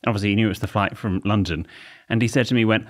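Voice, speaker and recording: A man's voice: fairly low pitch, very fast. A man co-hosting a comedy podcast, telling wry, rambling anecdotes in casual chat. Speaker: podcast co-host.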